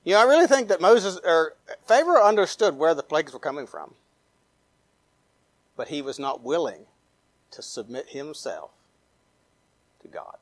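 A man pastor preaching a sermon, reading scripture aloud, with emphatic rises and quiet trailing drops. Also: fairly high pitch, very animated, moderate pace, long pauses, no room sound. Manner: reads scripture aloud, with fillers and restarts.

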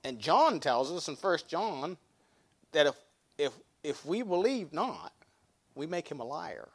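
Middle-aged guy preaching, bit of a higher voice, folksy, keeps restarting lines, reads verses slow. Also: sing-song, slightly rough. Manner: folksy, repeats and restarts phrases, reads scripture slowly. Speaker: pastor. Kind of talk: sermon.

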